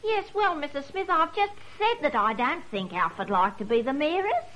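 Chirpy ambitious aussie country lady, high bright voice, bouncy, old radio serial. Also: sing-song, normal speed, rough recording. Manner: eager, naive, chatty. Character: Annie, cheerful ambitious country councillor woman. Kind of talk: vintage radio serial acting.

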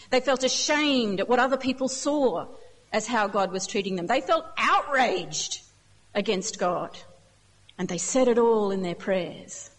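A woman giving a sermon, reading scripture passages aloud with emotional emphasis. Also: fairly high pitch. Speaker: preacher. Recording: long hall reverb.

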